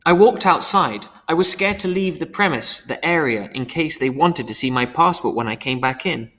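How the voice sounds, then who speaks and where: A man reading a first-person audiobook, earnest and expressive. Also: fairly high pitch, normal speed. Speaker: audiobook reader. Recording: long hall reverb.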